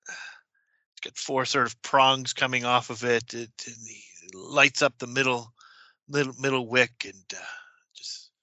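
A man narrating as game master of a tabletop horror game, talking haltingly with many restarts. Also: medium pitch, sharp tone, dry recording, highs cut off.

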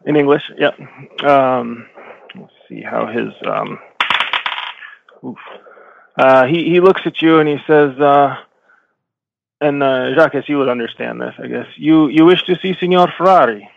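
A man narrates as game master in a tabletop game, slow and halting, stopping often to search for words. His voice is gravelly. The dry recording sounds slightly dull. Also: mid-range voice, dry recording. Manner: halting, many fillers and self-corrections.

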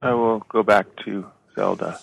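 A man's voice: fairly low pitch, steady tone, moderate pace, gravelly, low-quality recording. A man as a player in a tabletop game, musing in a mumbled way.

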